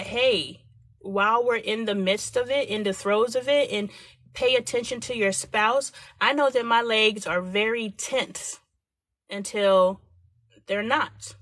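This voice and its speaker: A woman's voice: mid-range voice, a bit bright, no room sound. A woman in her forties hosting a live stream, talking frankly and animatedly, acting out quoted voices. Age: 40s. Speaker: livestream host. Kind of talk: candid live-stream talk.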